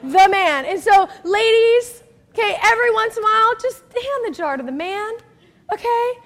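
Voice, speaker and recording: A woman's voice: very high-pitched, normal speed, a bit bright. A woman pastor giving a chatty, emphatic sermon, often checking in with the crowd and acting out little scenes. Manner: acts out quoted people in story.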